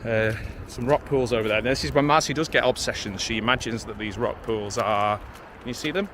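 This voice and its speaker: A man vlogs on a windy beach, chatting to a handheld pocket camera and his dog in a rambling, self-mocking way as he walks. His voice is mid-range, brisk, and fairly bright, with faint wind and outdoor sounds in the background.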